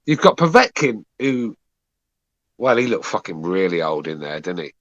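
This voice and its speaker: A man's voice: deep voice, sing-song, moderate pace, no room sound, lo-fi sound. A man co-hosting a call-in boxing podcast, grumbling and sarcastic in casual banter. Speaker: podcast co-host.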